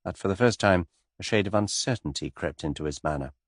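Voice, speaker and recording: A man narrating an audiobook, reading in a lively way and moving between character voices. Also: brisk, no room sound, studio quality. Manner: lively, shifts pitch and loudness between characters.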